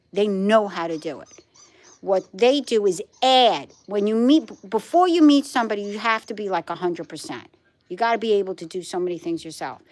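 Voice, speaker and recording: A middle-aged woman with a Brooklyn accent, chatting casually with viewers on a livestream, emphatic and repeating herself. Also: mid-range voice. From Brooklyn, New York. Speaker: livestream host. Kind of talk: casual live chat with viewers.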